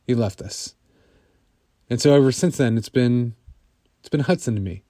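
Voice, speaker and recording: Man, mid-pitched, casual storyteller; dry, close recording. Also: fairly quick, mellow, no room sound. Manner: conversational, many fillers. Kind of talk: personal storytelling.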